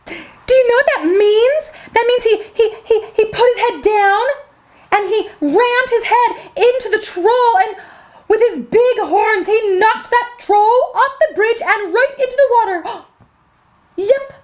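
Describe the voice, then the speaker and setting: A woman hosting a children's story time, reading a storybook aloud and talking gently to the kids watching. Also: very high voice, a little slow. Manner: gentle, animated, talks to kids directly.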